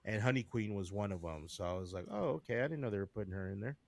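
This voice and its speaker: A man co-hosting a podcast in casual chat, talking in an animated, excitable way. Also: on the low side, quick pace, gravelly. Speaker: podcast co-host.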